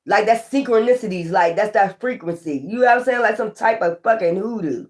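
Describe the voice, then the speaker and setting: A woman tarot reader ranting casually to her viewers, profane, animated and exasperated. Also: medium pitch, brisk, few pauses.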